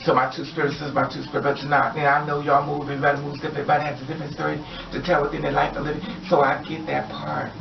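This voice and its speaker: A woman's voice: low-pitched, little pitch movement, very fast, vocal fry, few pauses, distant mic, background noise. Fiery, profane woman ranting in an echoey room. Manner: angry, blunt and profane, addressing viewers directly. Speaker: vlogger. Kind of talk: impassioned rant to camera. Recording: echoey room, off mic, dull lo-fi sound.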